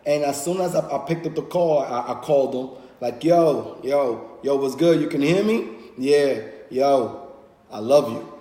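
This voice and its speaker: A man in his thirties, a podcast host, chatting casually and telling animated stories about his friends. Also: medium pitch, a little slow. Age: 30s. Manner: animated storytelling, acts out friends' voices. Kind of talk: casual chat. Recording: echoey room with long reverb.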